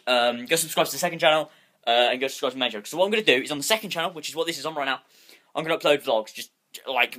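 Rambling young guy, bright voice. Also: a little high. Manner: rambling, restless, swears freely. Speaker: vlogger. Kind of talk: casual vlog. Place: bedroom at home. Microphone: phone held in hand.

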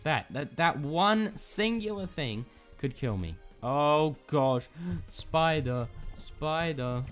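A young man giving excitable gameplay commentary, reacting with frequent exclamations and mild cursing as a gaming YouTuber. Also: fairly high pitch, takes it slowly, faint music behind.

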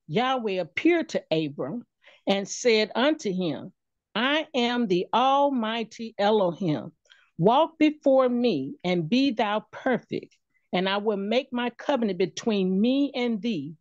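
Deliberate woman reading verses slowly, dry and dull sound. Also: medium pitch, a little mellow, no room sound. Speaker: scripture reader. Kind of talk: reading scripture aloud.

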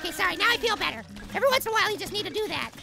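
A man voicing a tiny, excitable cartoon apple boy in frantic let's play commentary, yelling at the game. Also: rapid-fire, gravelly, very noisy, heavily acted. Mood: frantic excited. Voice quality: squeaky, sped-up high voice. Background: game music.

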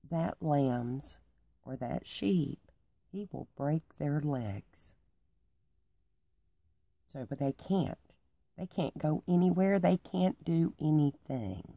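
A middle-aged woman with a drawl speaks slowly and unhurriedly, with a lower-pitched voice. Her tone is gravelly with plenty of fry, and the sound is close and dry. She rambles in a homey, folksy way, often sinking into a soft near-whisper. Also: expressive, dry recording. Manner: folksy and meandering, dropping to a hushed near-whisper. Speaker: Christian vlogger. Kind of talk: casual rambling talk to camera.

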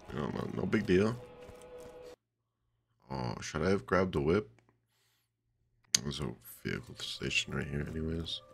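A man's voice: rumbling low, lively intonation, a little slow, vocal fry, pauses often, a bit bright, slight background noise. A tired young man with a groggy morning voice, rambling laid-back commentary while streaming a video game. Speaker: let's play streamer. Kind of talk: casual gameplay commentary.

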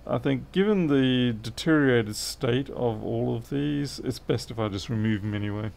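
A man's voice: medium pitch, normal speed, vocal fry, darkish tone. A middle-aged man, chatting casually and thinking aloud while he works through a repair on a livestream. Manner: rambling, thinks aloud, answers chat.

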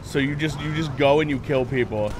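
A man's voice: mid-range voice, a little fast, noisy background. A man streaming a video game, joking playfully and blurting mock gunshot sounds. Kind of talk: gameplay commentary.

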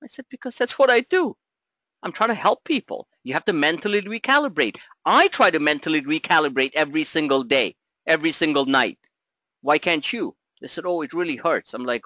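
Animated man hosting a trading webinar. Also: fairly quick, no room sound. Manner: animated, joking, swings between loud asides and low mutters. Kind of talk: live market webinar talk.

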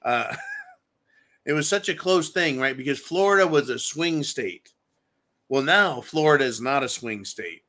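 A man hosts a show and reads viewer comments while ranting angrily about politics, swearing constantly and speaking crudely. His mid-range voice is animated, bright, and forceful, and his pace is a little slow.

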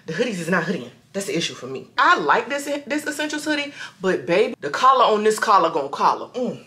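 A woman's voice: mid-range voice, big pitch swings, fast talker, bright, forceful tone. A young woman vlogging at home, talking candidly in a rambling, casual way. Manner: rambling, candid, lots of "y'all" and "like". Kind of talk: casual vlog talk. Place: home, indoors. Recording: echoey room.

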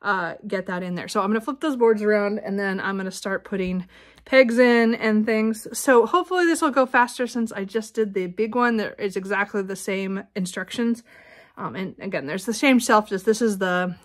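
A woman talks her way through a home vlog in a relaxed, rambling manner, full of ums and restarts. Her voice sits at an ordinary middle pitch. She records on a handheld camera as she moves around her house and sometimes sounds winded. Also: normal speed. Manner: chatty, rambling, frequent fillers. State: out of breath. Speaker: vlogger. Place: home bedroom closet.

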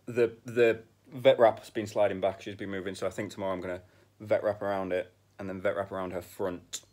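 A man's voice: low-pitched, level tone, a little fast, darkish tone. A man chatting casually in a vlog about dog training, blunt and swearing when frustrated. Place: outdoors in a field with dogs.

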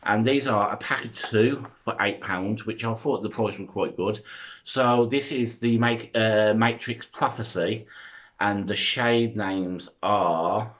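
A young man, chattering excitedly and rambling through a makeup review vlog, filmed on a front-facing phone camera. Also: lowish voice, slow, dull audio. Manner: excitable, rambling, self-interrupting. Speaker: makeup vlogger.

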